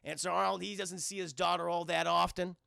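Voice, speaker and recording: A man's voice: sits high, level tone, brisk, vocal fry, bright, forceful tone, dry recording. A man casually retelling a film on a live stream, rambling, swearing and talking to his chat. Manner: rambling, profane, talks to chat.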